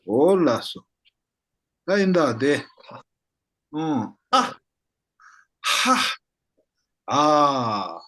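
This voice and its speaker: A man teaching a slow alphabet lesson, reading each sound one by one and checking in often with "okay?" and "hmm?". His first language is Tibetan. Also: on the high side, poor audio.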